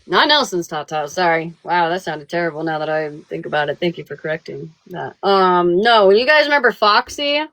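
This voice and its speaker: A woman's voice: fairly low pitch, animated, fairly bright tone, no echo. A woman hosting a live stream, chatting casually and rambling with lots of swearing. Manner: profane, rambling, quick to laugh.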